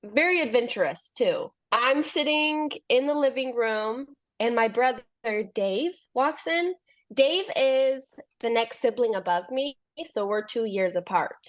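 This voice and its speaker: A woman's voice: on the high side, expressive, measured pace. A young adult woman, a podcast guest, telling a long story in casual chat, laughing often and acting out what people said.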